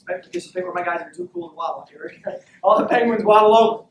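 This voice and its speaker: A man coaching a team in a locker room, telling a story with high energy and shouting call-and-response lines. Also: fast, hardly any pauses. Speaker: mental conditioning coach. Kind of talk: motivational speech to a team. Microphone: far camera. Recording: echoey locker room from far off, faint noise.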